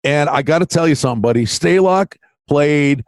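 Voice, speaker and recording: A man co-hosting a sports betting podcast, animated and folksy, calling his partner buddy and pal. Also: fairly high pitch, normal speed, no room sound. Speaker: podcast co-host, betting analyst. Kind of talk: casual sports betting chat.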